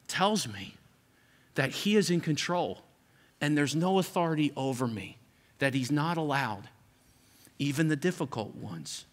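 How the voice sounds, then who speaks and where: A middle-aged man delivers a sermon with a bright, forward tone. His voice is pitched somewhat high and leaps around expressively, and he slips into raised voices to act out the people in his stories. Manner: animated, acts out quoted parents with raised voice. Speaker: pastor.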